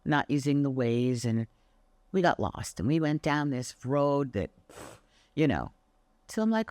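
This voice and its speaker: A woman's voice: low voice, moderate pace, no room sound. Chatty older woman, dry close sound. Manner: chatty, animated storyteller with mild swearing. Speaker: Pilates instructor. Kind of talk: casual motivational talk to camera.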